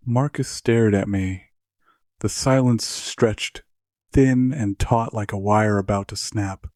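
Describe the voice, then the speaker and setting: A man narrating a scripted horror story in measured, steady storytelling. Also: lowish voice, no room sound, studio quality.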